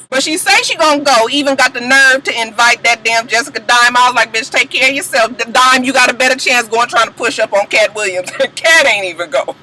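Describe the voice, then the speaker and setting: A woman recapping a reality show in blunt, profane casual chat, sassy and animated, jumping between high exclamations and low asides. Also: noisy background. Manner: sassy, blunt, heavy cursing, drawn-out reactions.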